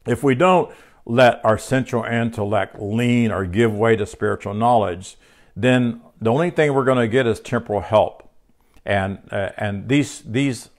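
An older man preaching a sermon in an earnest, halting way, often restarting and repeating words as he teaches. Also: mid-range voice.

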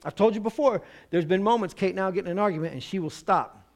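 A middle-aged male pastor preaching a sermon in a conversational way, with humor and quick acted-out asides. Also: high voice.

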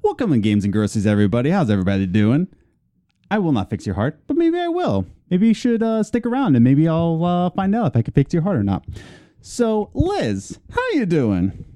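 A man's voice: a little high, huge pitch swings, fairly quick, warm tone. A man co-hosting a casual gaming podcast, reading plugs and news with playful, teasing asides. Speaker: podcast co-host.

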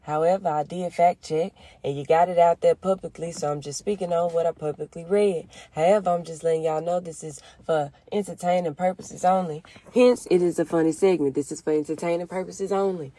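A woman's voice: on the low side, fairly even intonation, a little fast, few pauses, dark tone. A woman chatting casually with her followers, slangy and rambling, full of asides. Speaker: vlogger and small business owner.

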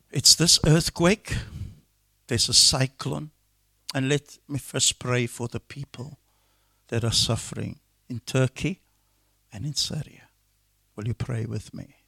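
Gravelly preacher, slow and bright. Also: male voice, medium pitch, no room sound, studio quality. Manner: impassioned, swings between loud shouts and hushed whispers; speaks in God's voice when quoting. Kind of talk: sermon.

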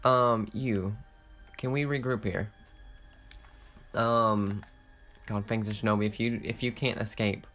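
A young man giving casual, excitable commentary while playing a strategy game, swearing often and laughing through his restarts. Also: lowish voice, slow pace, pauses often, faint music behind. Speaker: gaming content creator.

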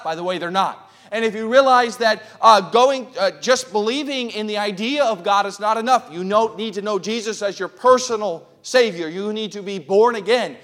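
At a normal speed, a pastor with a notably high male voice addresses his congregation in church. He works up to loud, impassioned cries and checks in by asking the congregation questions.

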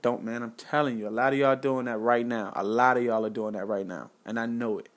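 Young guy preaching life advice to his viewers, earnest and slangy, mid-pitch voice, keeps repeating himself, lots of man and y'all. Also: steady tone, fairly quick, few pauses. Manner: casual slangy speech with frequent "man" and "y'all". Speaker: vlogger giving life advice. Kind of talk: impassioned direct-to-camera monologue.

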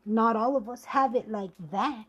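A woman's voice: fairly high pitch, moderate pace, muffled recording, slight background noise. A woman hosting a podcast, ranting angrily and profanely in a confrontational personal monologue. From Native American. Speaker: podcast host.

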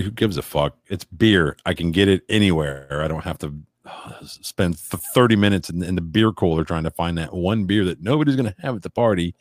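A man's voice: sits low, expressive, fairly quick, dry recording, studio quality. A man in a casual podcast chat, telling rambling stories with crude jokes. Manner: rambling, crude joking storyteller.

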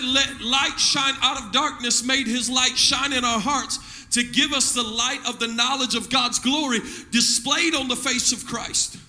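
A man's voice: very high-pitched, pushed and bright. A male pastor preaching a sermon, full of call-and-response and repeated phrases in front of a congregation. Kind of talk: energetic shouted sermon. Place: church service with congregation.

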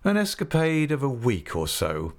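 A male audiobook reader lifts his voice for a hearty, carefree young gentleman. The figure swoops through a wide, lively pitch range, sitting higher than the reader's own low voice. He sounds breezy and teasing, as if nothing much matters to him. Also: normal speed. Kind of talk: audiobook character voice.

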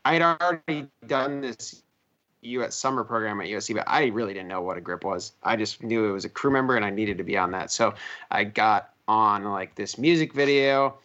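A man's voice: on the low side, fairly quick, sharp tone, muffled recording. A man from Minnesota, a filmmaker guest in casual interview chat, rambling through his stories with many restarts.

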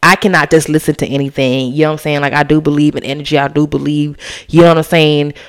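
A woman hosting a casual solo podcast, animated and chatty, slipping into slang and cussing. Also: deep voice, quick pace, clear, resonant tone. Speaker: podcast host.

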